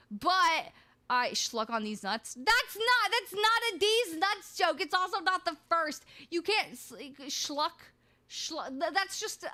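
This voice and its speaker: A woman's voice: high-pitched, pushed and bright. A woman streaming live, chatting in a rambling, jokey way full of crude banter. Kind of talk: casual livestream chat.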